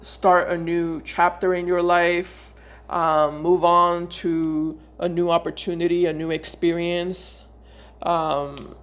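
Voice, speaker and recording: A woman giving a casual tarot reading to her viewers. She talks in a loose, searching way, often pausing and repeating words before going on. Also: fairly low pitch, level tone. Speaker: tarot reader.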